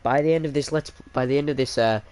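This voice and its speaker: Talking fast over music, this man has a mid-range voice. He's streaming a game with easygoing commentary, cracking jokes about himself and chatting with viewers by name.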